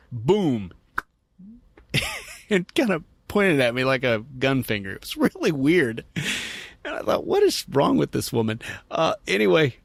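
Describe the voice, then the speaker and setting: Man, podcast host, casual storytelling, lively pitch swings, dry sound. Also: no room sound. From United States. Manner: animated, laughing storyteller quoting others.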